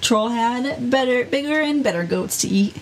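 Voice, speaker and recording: A woman's voice: on the high side, animated, moderate pace, slight background noise. A woman co-hosting a podcast, casually retelling a fairy tale with giggles and acted-out lines. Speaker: podcast co-host. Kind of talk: casual comedic storytelling.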